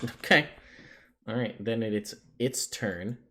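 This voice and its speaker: A man narrating as game master of a tabletop game, halting and filler-heavy, often amused. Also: on the low side, sharp tone, a little hiss or hum.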